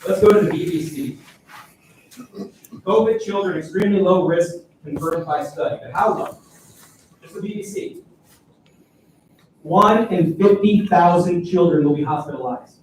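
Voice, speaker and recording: Man with a mellow voice, firing rhetorical questions. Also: sits high, moderate pace, pauses often, recorded from a distance, slight background noise. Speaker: public commenter. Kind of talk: public comment at a school board meeting. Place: large meeting room. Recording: echoey room, voice heard from afar.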